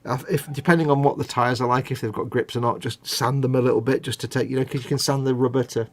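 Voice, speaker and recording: A man's voice: medium pitch, fairly even intonation, quick pace, no room sound. A middle-aged man, hosting a late-night model-building live stream in rambling, self-mocking chat. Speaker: host.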